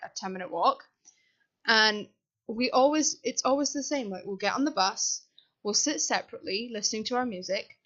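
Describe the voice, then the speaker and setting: This voiceover comes from a young adult university student from Britain chatting loosely about her game build and poking fun at herself. Her voice is medium-pitched and fairly bright, though the desk-mic audio is dull.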